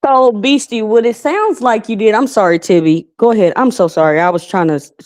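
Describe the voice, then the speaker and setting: A woman's voice: mid-range voice, a little fast, darkish tone. A woman hosting a casual live stream, rambling and chatty, calling people honey.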